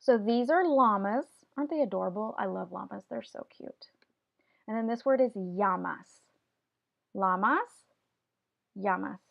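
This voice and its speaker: A woman's voice: on the high side, moderate pace, vocal fry, lo-fi sound. A woman teaching a Spanish vocabulary lesson, patiently explaining each word step by step and having students repeat after her. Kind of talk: classroom video lesson.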